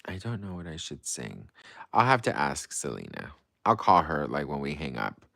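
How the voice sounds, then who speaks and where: A very deep, creaky, sharp-toned voice belongs to a livestream host who is extremely animated yet speaks at normal speed. The dry, clean studio recording captures him reading comments and answering with playful drama that swings from breezy to gushing.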